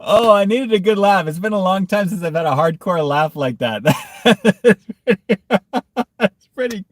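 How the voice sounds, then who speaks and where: Man, stream host, slightly high voice, dry close mic, laughs a lot while chatting with viewers. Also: fairly quick, no echo. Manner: laughs hard, breaks into giggles often. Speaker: food review livestream host. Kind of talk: casual livestream chat reading comments.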